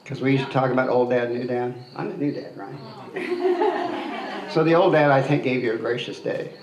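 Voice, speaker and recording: A man's voice: medium pitch, fairly even intonation, fast. A middle-aged man, the groom's stepfather, joking and laughing through a wedding toast. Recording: echoey room with crowd.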